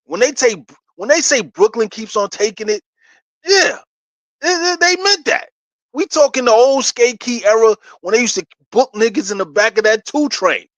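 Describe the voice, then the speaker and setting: Trash-talking New York man, high voice. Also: animated, moderate pace, fairly bright tone, no room sound. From New York City. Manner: boastful, trash-talking, laughs between points. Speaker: sports channel host. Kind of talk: casual fan commentary.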